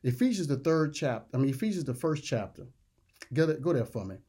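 A man preaching a sermon, emphatic, repeating words and slowing down to stress the scripture he reads. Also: on the high side, lively intonation, warm tone, slightly rough.

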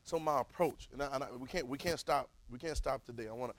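A man's voice: mid-range voice, fast talker, a little hiss or hum, low-quality recording. Man preaching to a Bible class. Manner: call-and-response, swings from soft to loud, repeats words.

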